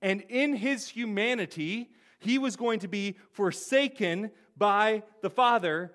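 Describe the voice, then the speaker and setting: A man preaching a sermon in a conversational way, often asking "right?", laughing softly and repeating words as he restarts. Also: sits high, unhurried, few pauses. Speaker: pastor.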